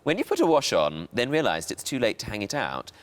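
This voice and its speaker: A man's voice: medium pitch, wildly swooping pitch, fairly quick. A man in a casual chat, reading fan questions aloud with playful, teasing quips.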